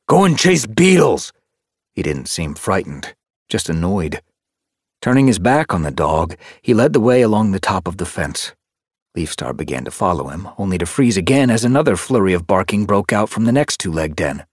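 A man narrating an animal adventure audiobook in an expressive, storytelling manner. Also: deep voice, normal speed, breathy edge, dry recording, studio quality. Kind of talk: scripted narration. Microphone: close studio mic.

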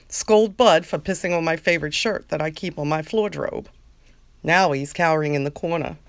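Lecherous, bossy man played by a woman for a comic fan-scene reading; low, flat, commanding. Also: no room sound, natural voice.

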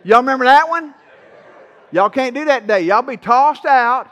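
A man preaching with a high, ringing tone, his bright and forceful delivery carried through a church. He is folksy and playful, teasing his listeners between points. The sound trails off in the long reverb of a big sanctuary. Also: normal speed, muffled recording. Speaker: pastor. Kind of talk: sermon.

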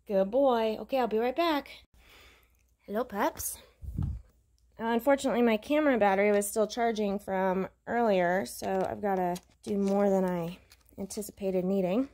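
A woman lying down at home and talking to a nearby camera in a casual vlog. She explains each step calmly and keeps breaking off to praise her dog softly. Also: mid-range voice, normal speed, pauses often. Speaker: vlogger filming her service dog. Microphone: camera set low nearby.

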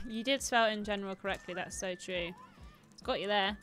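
A woman's voice: mid-range voice, normal speed, fairly bright tone, soft background music. A young woman hosting a live stream, chatting playfully through gameplay commentary and teasing the game.

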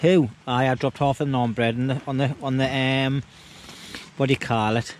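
Chatting jokily to his handheld camera at an outdoor wild camp, a middle-aged vlogger uses dialect slang in a medium-pitched voice with fairly even intonation and normal speed. Loud rain pours over the camera audio, along with a little hiss or hum.

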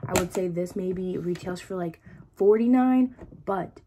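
A woman's voice: on the low side, a little slow, background noise. A young adult woman chatting casually in a vlog, reviewing supplements in a bubbly, rambling way full of fillers. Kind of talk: casual chat.

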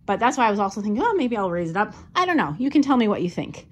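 A woman's voice: medium pitch, sing-song, very fast, dull audio. Chatty woman gushing over thrift finds. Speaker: home decor vlogger. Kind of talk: casual vlog show-and-tell. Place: at home, moving between rooms and outdoors.

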